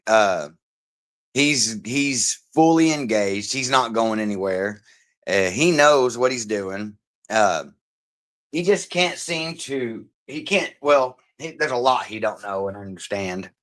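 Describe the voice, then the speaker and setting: A man livestreaming commentary, mocking and profane, greeting chat viewers by name between halting, filler-heavy sentences. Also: medium pitch, a bit bright. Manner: halting, many fillers and restarts.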